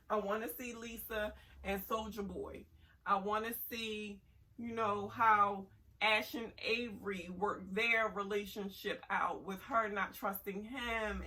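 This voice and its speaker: A woman's voice: medium pitch, pushed and bright, recorded from a distance, rough recording. A woman giving a blunt, sassy casual review commentary on a reality show.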